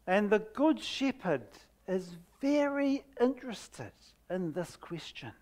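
Slow, deliberate preacher. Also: mid-range voice, very animated, a little mellow. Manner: slow, deliberate delivery that drops to near silence at phrase ends; reads scripture aloud with heavy stress on key words. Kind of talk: sermon. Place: church service.

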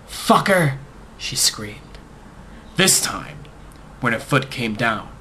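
Bright-voiced man narrating a comic tale. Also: mid-range voice, a little hiss or hum. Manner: deadpan, overblown storytelling. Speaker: storyteller. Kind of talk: comic first-person narration.

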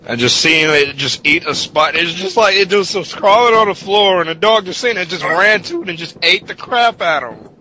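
A man's voice: sits high, expressive, brisk, few pauses, bright, forceful tone, rough recording. A man hosting a casual podcast chat, rambling goofily and swearing. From United States. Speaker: podcast host.

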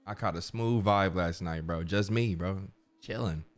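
A young man streams a video game, rambling in slang, saying "bro" constantly and reading the game's dialogue aloud as casual gameplay commentary. His voice sits low and unhurried over soft background music.

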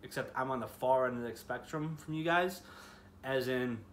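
A man's voice: mid-range voice, normal speed, fairly bright tone, a little hiss or hum. Earnest young man, casual devotional talk. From Chicago area, US. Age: 20s. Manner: earnest, chatty, full of "you know" and "like". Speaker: youth ministry speaker.

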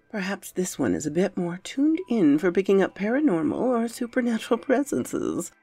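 A woman narrates a horror story in a dramatic, brooding first-person voice. Her tone has a gravelly grain and moves widely in pitch. It is recorded dry and close, with soft music underneath. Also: no echo.

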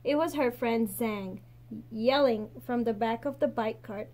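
A woman teacher reading a picture book aloud expressively, slowing and softening at the gentle endings. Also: on the high side.

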